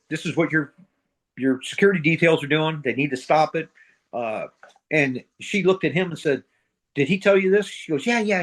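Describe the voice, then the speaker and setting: Blunt, profane retired Marine man. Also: a little high. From middle America. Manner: blunt, profane, acts out quoted dialogue. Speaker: retired Marine sergeant major, guest. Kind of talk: casual storytelling interview.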